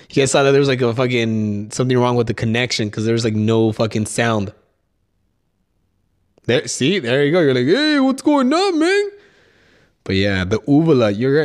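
Profane rambling young man podcaster. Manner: profane, rambling, jumps between topics; mocking sing-song jumps up in pitch. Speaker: podcast host. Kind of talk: solo comedic podcast rambling.

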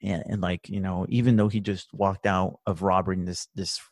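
A man's voice: low voice, little pitch movement, normal speed, no echo, studio quality. A man in a casual podcast conversation, rambling and swearing often, who grows heated as he talks. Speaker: podcast guest or co-host, police trainee.

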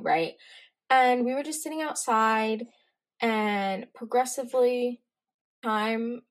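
A teenage girl hosting her own podcast, telling stories in a chatty, rambling way with quick asides. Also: mid-range voice. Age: teens. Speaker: podcast host. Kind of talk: casual solo podcast chat.

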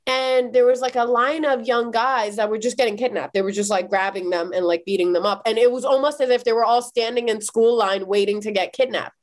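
A woman from Iran in her thirties sits as a guest on a podcast and recounts memories. She talks in a lively, rapid way, scattering "like" through her sentences. Her voice sits a touch high for a woman. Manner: lively, quick, frequent "like" fillers. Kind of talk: animated personal storytelling in a podcast interview.

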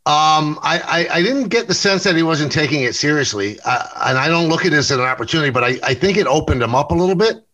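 Brief: middle-aged man, New York accent, slightly high, bright voice, loose anecdotal talk with restarts. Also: expressive, poor audio. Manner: storytelling, quick self-corrections, repeats words. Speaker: sportscaster and interview show host, guest here. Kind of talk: casual interview conversation.

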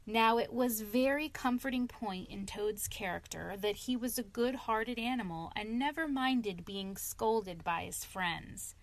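Audiobook narrator, woman, slow measured delivery, slightly high voice, dry close sound. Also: no room sound. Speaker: reader. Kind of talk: audiobook reading of a classic children's tale.

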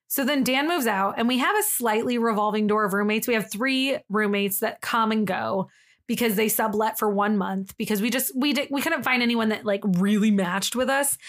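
Animated young woman telling a story. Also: a little high, moderate pace. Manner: animated, laughing, acts out quoted voices. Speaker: podcast co-host. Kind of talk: casual storytelling chat.

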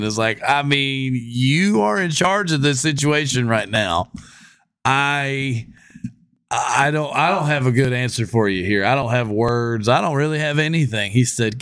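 Man telling a lively road story. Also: mid-range voice, moderate pace, clear, resonant tone. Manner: lively, acts out the other people in his story and laughs between lines. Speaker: fire department lieutenant. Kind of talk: casual podcast storytelling.

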